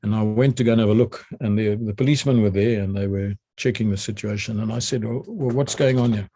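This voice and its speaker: An older man from South Africa with a South African accent, a retired general telling memories in an animated way. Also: fairly low pitch, fast talker. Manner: animated storyteller who acts out the orders he shouted. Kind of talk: recounting memories in a conversation.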